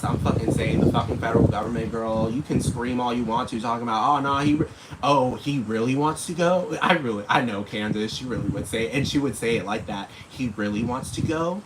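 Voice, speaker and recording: A man ranting casually and at length, rambling and swearing, talking straight at the people he's calling out. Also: medium pitch. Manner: rambling, profane, talks straight at his targets. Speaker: vlogger. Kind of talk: casual rant to camera. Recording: noisy background hiss.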